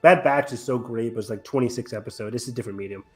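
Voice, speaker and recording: Male podcast co-host, mid-pitched, casual and eager, meandering through his thoughts. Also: racing, faint music behind. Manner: rambling, enthusiastic, loose with fillers. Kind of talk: casual chat.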